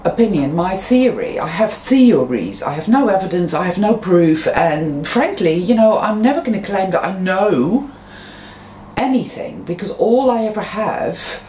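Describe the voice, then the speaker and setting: A woman's voice: medium pitch, lively intonation, unhurried, mellow. A woman vlogging at home, speaking her mind in a rambling, frank way and swearing freely. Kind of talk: casual monologue to camera. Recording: roomy echo, faint background noise.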